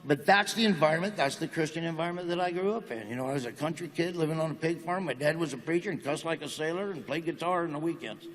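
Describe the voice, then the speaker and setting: A middle-aged man with a Southern drawl, telling jokes and anecdotes as a stage interview guest. His voice sits a bit high for a man, and the hall adds a long echo. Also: fast, hardly any pauses, a little hiss or hum. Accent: Southern American. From Nebraska, United States. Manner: joking, drawling storyteller. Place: large hall before a live audience.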